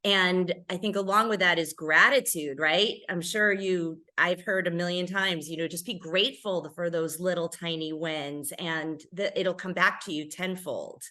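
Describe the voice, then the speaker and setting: A woman's voice: on the low side, fairly even intonation, moderate pace, few pauses, sharp tone. A woman hosting an interview, summing up her guest's points in an affirming, reflective way. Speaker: host.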